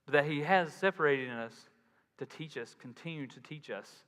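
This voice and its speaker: The pastor's voice sits on the high side and is a bit bright, moving at a normal speed. He delivers his sermon conversationally, dramatizing quoted voices, and the recording carries a large hall's long reverb.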